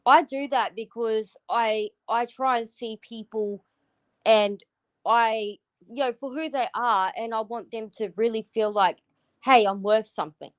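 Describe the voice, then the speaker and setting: Slow-talking Australian woman on a livestream. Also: on the high side, clean tone, no room sound, low-quality recording. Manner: frank, rambling, swears freely. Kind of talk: casual livestream chat.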